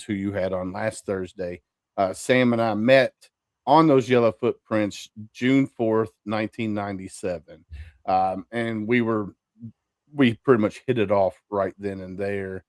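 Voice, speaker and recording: A man's voice: lowish voice, no echo, clean studio sound. A man, an ex-Marine guest telling his story in an easygoing way. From Kentucky. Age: 40s. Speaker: podcast guest, Marine veteran. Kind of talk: casual interview storytelling.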